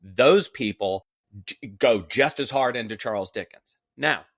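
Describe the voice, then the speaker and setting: A man's voice: medium pitch, a little slow, no echo. A man from Texas co-hosting a casual podcast, telling stories with dry, self-mocking humor. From Galveston, Texas. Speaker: podcast co-host.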